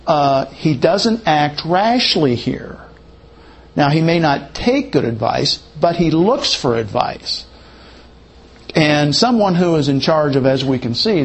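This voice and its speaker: Male Bible teacher, husky mid-pitched voice, reads verses then reflects with careful hedging. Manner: reads verses aloud, then muses on them with many hedges.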